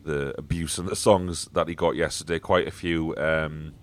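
Deep-voiced man hosting a football podcast. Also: steady tone. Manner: blunt, sweary, halting with fillers. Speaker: podcast host. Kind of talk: casual football podcast chat.

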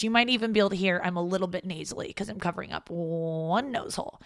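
A stand-up comic in her thirties from St. Louis, United States, talks quickly and with hardly any pauses in a mid-range, fairly bright voice. She's doing a casual solo podcast monologue from her parents' home, loose, self-deprecating and swearing freely, in studio-quality sound with no echo.

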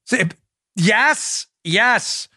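Middle-aged male host, high voice, sarcastic and animated, prone to shouting asides. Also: very slow. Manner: mocking, loud outbursts, mock-theatrical recitation. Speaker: podcast host. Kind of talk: animated political commentary.

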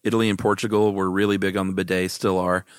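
Very low-voiced laid-back man. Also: flat delivery, quick pace, clean tone, dry recording, studio quality. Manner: laid-back, sardonic quips. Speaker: podcast co-host. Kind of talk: casual chat.

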